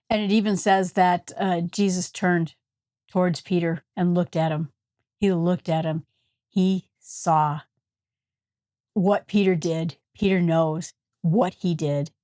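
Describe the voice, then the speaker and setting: A woman's voice: lowish voice, darkish tone, no echo, clean studio sound. A woman with an Upper Peninsula Michigan accent casually teaching a Bible passage, retelling scenes with chatty asides. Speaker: Bible study host.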